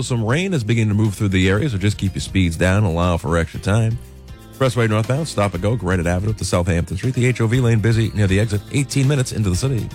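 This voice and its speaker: A man reading a radio traffic report in a brisk, steady way. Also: lowish voice. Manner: brisk, even read of road conditions.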